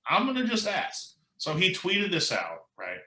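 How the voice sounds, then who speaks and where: Bright-voiced man telling a story. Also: high-pitched, a little slow, reverberant, rough recording. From United States. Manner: animated anecdote-telling, quoting others, says "like" and "you know" a lot. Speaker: musician guest. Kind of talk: casual storytelling interview.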